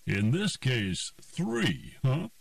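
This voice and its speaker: A man's voice: mid-range voice, wildly swooping pitch, extremely slow, vocal fry, no echo, far from the mic, voice pushed up, exaggerated voice. A man voicing an easygoing, joking male gambler in a dry, close reading.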